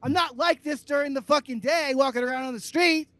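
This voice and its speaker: A man co-hosting a comedy podcast, ranting loudly and sarcastically with heavy profanity. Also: extremely high pitch, brisk, no room sound. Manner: loud, abrasive, sarcastic. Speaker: podcast co-host.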